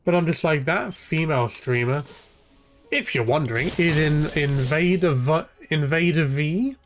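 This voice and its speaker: A man's voice: a little high, a little slow, soft background music. A young man ranting and swearing freely while streaming a game, rambling from point to point. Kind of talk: ranting live gameplay commentary.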